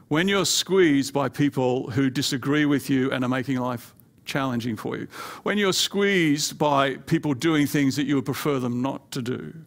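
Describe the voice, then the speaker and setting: Male pastor, sermon, gravelly tone, voice climbs high to press points. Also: fairly bright tone. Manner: rising pitch and volume when pressing a point, playful asides.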